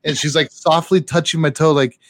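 A man in his forties with a slightly higher-pitched voice co-hosts a casual podcast. He tells brisk stories and acts out the people in them. He grew up in Southern California. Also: fairly even intonation, a bit bright. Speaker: podcast co-host. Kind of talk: casual anecdotal chat.

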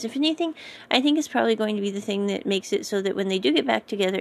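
A woman's voice: mid-range voice, gravelly, a little mellow. A woman giving a casual episode recap, chatty and digressive, often correcting herself and drifting into asides. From United States.

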